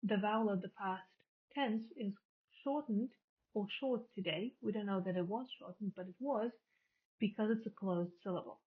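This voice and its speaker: A woman's voice: mid-range voice, moderate pace, husky. Woman lecturing over tinny audio. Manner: explanatory, repeats and rephrases terms. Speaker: linguistics lecturer. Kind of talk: recorded lecture.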